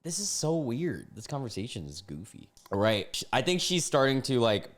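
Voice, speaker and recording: A man's voice: mid-range voice, very animated, normal speed. A man reacting to text screenshots at a desk mic, incredulous and often laughing, with casual swearing. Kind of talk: reaction commentary. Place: home room with a cat. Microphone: desk microphone.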